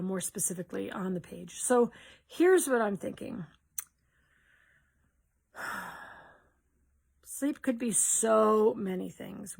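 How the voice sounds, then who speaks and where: A woman's voice: medium pitch, vocal fry. A woman hosting a live question-and-answer stream, greeting viewers with cheers and talking casually with rambling restarts. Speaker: host of a live Q&A.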